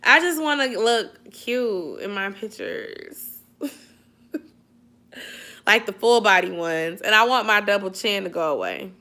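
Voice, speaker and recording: A woman's voice: mid-range voice, animated, takes it slowly, pauses often, bright, forceful tone. A young woman from the Atlanta area, hosting a casual late-night livestream, chatting with viewers and giving sisterly advice while sleepy and yawning. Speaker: YouTube livestream host. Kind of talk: casual livestream chat reading viewer comments.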